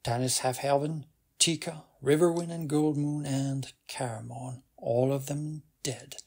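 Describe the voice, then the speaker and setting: A man narrating a fantasy novel as a bedtime audiobook, in a soft, unhurried and even manner with a gravelly, husky voice. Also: mid-range voice. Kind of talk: slow bedtime audiobook reading.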